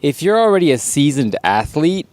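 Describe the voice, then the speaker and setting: A man co-hosting a casual podcast, talking in a profane, rambling, animated way. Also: on the high side, normal speed. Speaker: podcast co-host.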